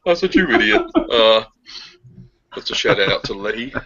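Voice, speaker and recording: Man, co-host, rambling storyteller, laughs a lot, lower voice, lo-fi call audio. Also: animated, measured pace, a crowd in the background. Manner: rambling, laughing often at own stories. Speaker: podcast co-host. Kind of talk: casual chat, storytelling.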